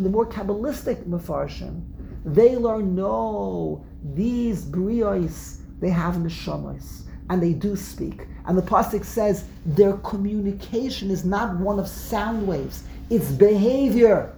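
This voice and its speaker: A woman's voice: medium pitch, creaky. A woman teaching a religious text class, explaining with energy, often repeating words as she answers students in a classroom. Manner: animated explaining, frequent word repeats, answers student interjections. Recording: roomy echo, faint background noise.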